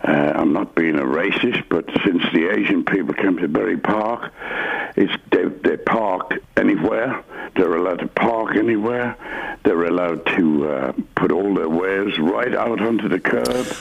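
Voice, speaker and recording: Gravelly, husky male caller on the phone. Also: deep voice, a little slow. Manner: blunt, grumbling, hesitant with fillers. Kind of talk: phone-in chat. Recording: dull phone line.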